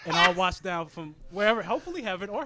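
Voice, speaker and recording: A man's voice: high voice, very animated, quick pace, sharp tone. A male comedian guest riffing absurdly in casual comedic banter, laughing at his own jokes.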